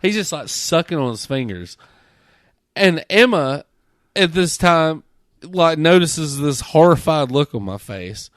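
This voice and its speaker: A man tells a story on a gaming podcast, swearing freely and acting out the people in it. His pitch climbs and drops as he gets worked up. The sound is dry and close to the mic. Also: a little slow, no room sound. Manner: animated, profane storytelling, mimics people he quotes. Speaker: podcast host. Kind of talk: casual storytelling chat.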